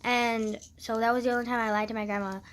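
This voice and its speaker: A woman's voice: on the high side, flat delivery, fast talker. A teenage girl telling a story to the camera as a casual rant, with lots of fillers and swearing. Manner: swears a lot, many fillers, venting. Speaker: vlogger.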